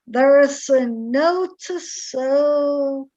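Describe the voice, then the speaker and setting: A woman runs an online English lesson, talking slowly with many pauses and fillers. Her voice sits a bit high and comes through dull, lo-fi call audio. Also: mellow. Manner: hesitant, many fillers, searching aloud. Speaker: English teacher. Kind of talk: online class, quizzing students on proverbs.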